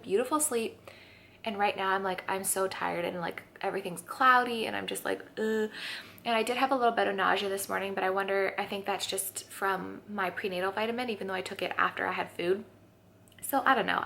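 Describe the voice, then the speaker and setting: A young woman chats casually to the camera from her home kitchen, tired and teary, sniffling as she rambles through personal confessions. She has a mid-range, fairly bright voice over faint background noise.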